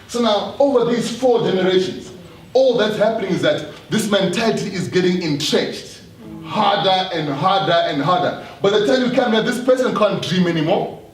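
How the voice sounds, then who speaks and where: A man's voice: sits high, normal speed. A man giving an earnest live talk to an audience, often repeating himself and putting questions to the room. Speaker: speaker addressing an audience. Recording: roomy hall, distant mic, faint noise.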